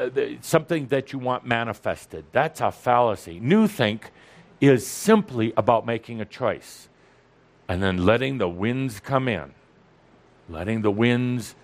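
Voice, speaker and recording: A man speaking to an audience as a spiritual teacher. He teases and provokes, and he repeats lines for emphasis. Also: mid-range voice. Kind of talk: teasing, lively spiritual talk.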